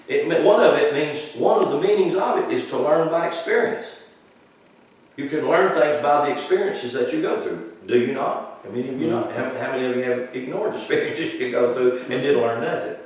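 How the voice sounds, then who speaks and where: Preacher in an echoey hall. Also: male voice, animated, moderate pace. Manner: building to loud, high-pitched emphasis, addresses the congregation directly. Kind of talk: sermon. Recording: echoey hall, distant from the mic.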